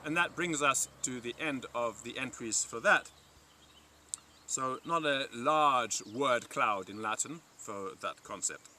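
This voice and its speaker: Bright-voiced man teaching Latin vocabulary. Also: medium pitch, slight background noise. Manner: repeats Latin words slowly and clearly for learners. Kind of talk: vocabulary lesson reading from a dictionary. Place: parked by a roadside in a river valley, outdoors or in a vehicle.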